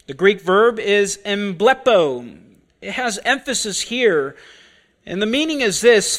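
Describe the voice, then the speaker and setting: A man preaching an expository sermon, deliberate and full of rhetorical questions. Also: high-pitched, expressive, fairly bright tone.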